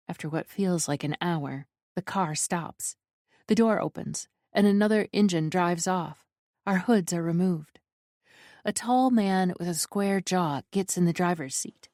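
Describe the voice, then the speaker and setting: A woman narrating a first-person romance audiobook in an even, measured reading. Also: on the low side, dry recording, clean studio sound.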